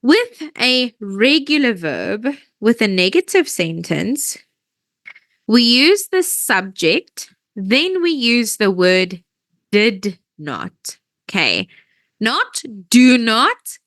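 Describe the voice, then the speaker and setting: A woman's voice: a little high, very animated, very slow, fairly bright tone, dry recording. A woman teaching English grammar in an online lesson, explaining patiently step by step and often checking that students follow.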